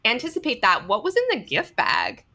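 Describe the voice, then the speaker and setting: A woman co-hosting a podcast, chatting casually with giggly, animated reactions. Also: fairly high pitch, fairly quick, gravelly. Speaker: podcast co-host. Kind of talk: casual chat.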